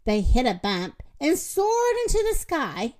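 A woman reading a children's picture book aloud. Her voice is high and very lively, and she takes her time over every line. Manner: slow, expressive read-aloud. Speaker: storyteller.

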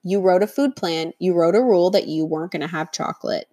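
A woman's voice: lowish voice, fast talker, warm tone. A woman speaking as a diet coach in a motivational teaching monologue, earnest and firm, acting out the inner voices she describes.

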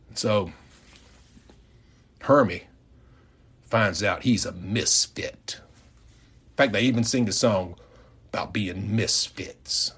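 A man's voice: lowish voice, slow, long pauses, a bit bright, slightly rough. A man hosting a podcast, retelling a story in a folksy, mock-outraged way. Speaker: podcast host.

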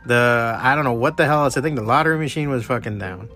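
Middle-aged guy ranting on his podcast, swears a lot, mid pitch, faint music behind. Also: quick pace. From Miami area. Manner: profane, heated, animated storytelling. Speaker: podcast host. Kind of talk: casual solo rant.

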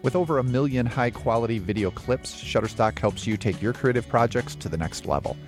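A man co-hosting a film podcast, talking in a relaxed, conversational way and reading ads. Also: medium pitch, fairly quick, music in the background. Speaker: podcast co-host. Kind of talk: casual film talk and ad reads.

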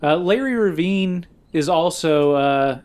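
A man's voice: a little high, lively intonation, slow, darkish tone. A man co-hosting a podcast, chatty and telling stories, laughing often. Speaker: podcast co-host. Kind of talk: casual chat.

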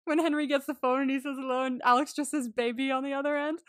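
A woman's voice: high-pitched, level tone, quick pace, no room sound, studio quality. A young woman co-hosting a podcast, chatting casually, laughing often and swearing freely as she gushes. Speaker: podcast co-host. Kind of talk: casual chat.

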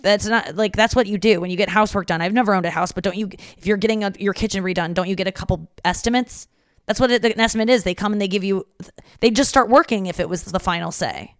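A woman at a mid-range pitch hosts a solo comedy podcast in a loose, rambling way. She swears freely and slips into the voices of the people in her stories. The sound is dry and close, with no room around her. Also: fast, no echo. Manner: rambling and profane, acts out conversations. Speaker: podcast host. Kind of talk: casual solo comedy monologue.

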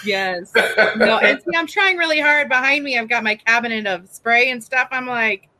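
A middle-aged woman chatting on a podcast over a video call, animated and mock-exasperated. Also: fairly high pitch, moderate pace, rough recording. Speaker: podcast guest. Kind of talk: casual podcast chat.

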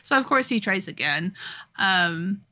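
A woman's voice: mid-range voice, expressive, measured pace, sharp tone. A young woman co-hosting a podcast, recapping a manga in a rambling, giggly way, full of fillers. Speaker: podcast co-host. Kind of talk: casual chat recapping a manga.

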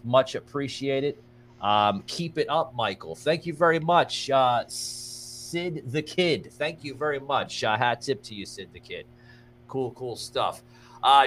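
A young man hosts a casual livestream talk show, rambling and thanking viewers by name with plenty of fillers. His voice sits at an ordinary middle pitch. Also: a bit bright. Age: young adult. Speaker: podcast host.

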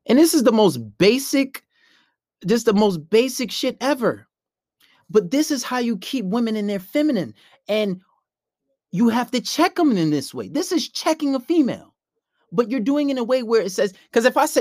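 A man's voice: sits high, expressive, a little fast, a little mellow, dry recording, studio quality. A man, giving blunt, profane dating advice in a casual monologue and acting out both sides of arguments.

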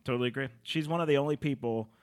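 A man's voice: mid-range voice, clear, resonant tone. A man hosting a casual comedy podcast in a studio, joking and teasing his co-host and guest. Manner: jokey, self-deprecating, quick asides. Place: radio studio.

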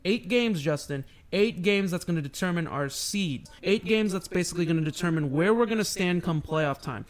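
A young man co-hosting a casual sports podcast, talking in excitable, playful bursts. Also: high voice, moderate pace. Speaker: podcast co-host.

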